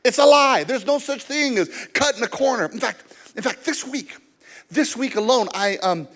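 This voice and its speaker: A male pastor with a high voice delivers a sermon. He tells personal stories and acts out both sides of the conversations as he preaches. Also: expressive, normal speed, a bit bright.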